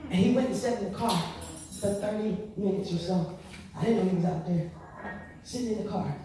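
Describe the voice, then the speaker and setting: A woman telling her testimony to an audience, expressive and repeating her words as she acts out what people said. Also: mid-range voice, fairly quick, soft background music. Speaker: speaker giving testimony. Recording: echoey room from far off with noise.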